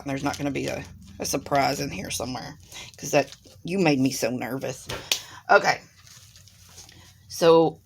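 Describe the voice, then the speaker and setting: A woman hosts a casual unboxing chat, speaking slowly and on the lower side. She talks straight to her viewers with lots of excited exclamations. A faint hiss sits under the voice, recorded at a desk in her home. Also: gravelly. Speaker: craft channel host. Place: home room with a desk by a window.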